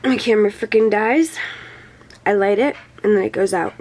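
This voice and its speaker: Talking herself through a scary job at home, a nervous young woman swears while vlogging to camera in the utility space by the water heater. She speaks at a normal speed in a medium-pitched, slightly mellow voice, with a bit of background noise.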